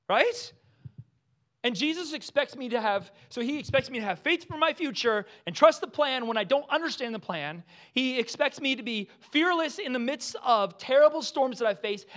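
A man preaching a sermon, animated, acting out the lines with voices and laughing often. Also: extremely high pitch. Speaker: pastor.

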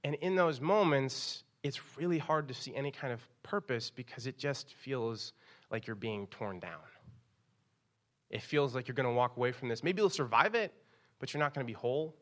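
A young man preaching a sermon, reading scripture and telling a personal story, acting out quoted lines in a raised, animated voice. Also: medium pitch, moderate pace. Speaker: pastor.

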